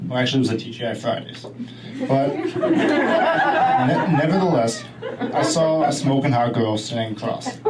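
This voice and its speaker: A man's voice: medium pitch, a little mellow. A young man doing a stand-up set, mumbling, with his voice altered to hide who he is. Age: young adult. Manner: mumbling, looking down. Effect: voice altered to hide identity. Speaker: amateur stand-up comic. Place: comedy club stage. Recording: distant club recording with crowd and noise. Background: audience murmur and room noise.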